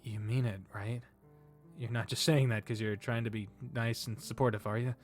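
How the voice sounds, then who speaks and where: Shy stammering game son, man voicing, soft and earnest. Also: medium pitch, steady tone, moderate pace, soft background music, close to an everyday voice. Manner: hesitant, stammering.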